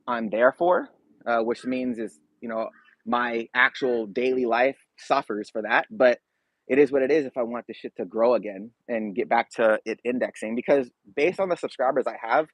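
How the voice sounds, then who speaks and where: A man's voice: mid-range voice, moderate pace, fairly bright tone, dry recording, rough recording. A man hosting a casual livestream, chatting straight to viewers in a laid-back, slangy way. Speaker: YouTube reaction channel host.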